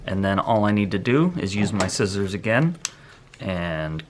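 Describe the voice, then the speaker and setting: A man explaining a hands-on film photography task step by step, in a relaxed, rambling way, thinking aloud as he works. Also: lowish voice, moderate pace, noisy background. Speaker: photography instructor. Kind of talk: hands-on tutorial.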